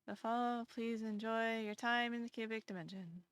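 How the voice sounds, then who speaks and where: A woman streamer chatting casually to her viewers in a rambling, halting way full of fillers. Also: fairly high pitch, steady tone, clean tone, no echo. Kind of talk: casual live-stream chat.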